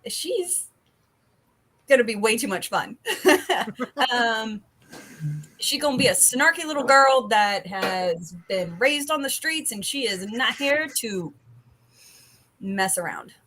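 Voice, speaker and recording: Female guest player, unhurried, bubbly, rambling. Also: fairly high pitch, animated, fairly bright tone, a little hiss or hum. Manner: bubbly, rambling, laughs often. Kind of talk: casual livestream introduction.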